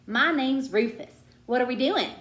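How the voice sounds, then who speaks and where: A woman's voice: high-pitched, animated, measured pace, fairly bright tone, pitched above the performer's own voice. A woman playing a chatty country boy. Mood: eager. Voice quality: drawling country talk, eager and bold. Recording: roomy echo.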